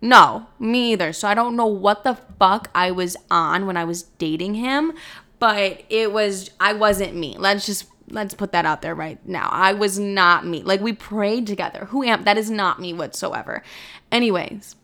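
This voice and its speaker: A woman's voice: medium pitch, normal speed, pushed and bright. A young woman in her twenties telling a storytime, dramatic and profane, saying 'like' constantly. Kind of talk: casual storytime monologue.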